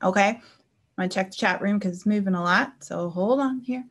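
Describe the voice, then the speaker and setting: Speaking a little fast in a mid-range voice, a woman life coach addresses viewers on a live stream. She keeps things chatty, drops in personal stories, and checks in with her listeners.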